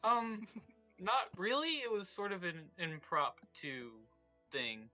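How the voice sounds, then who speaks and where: A man's voice: high voice, very animated, slow, pushed and bright, dry recording, soft background music. A man playing a tabletop game, speaking hesitantly with frequent ums, on a dull lo-fi mic. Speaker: player.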